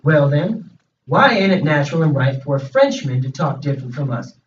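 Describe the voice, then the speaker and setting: A man's voice: a little high, animated, fairly quick, a little hiss or hum, lightly acted. A man voicing a clever teenage boy who argues patiently in rustic dialect, recorded from a distance in an echoey room with a dull sound. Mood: reasoning. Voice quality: rustic dialect speech, plain reading voice.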